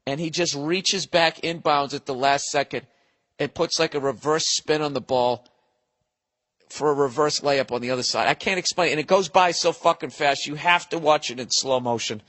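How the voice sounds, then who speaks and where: A man's voice: fairly high pitch, moderate pace, fairly bright tone, in a large hall. A man hosting a podcast, delivering a profane, digressive comedic monologue. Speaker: podcast host.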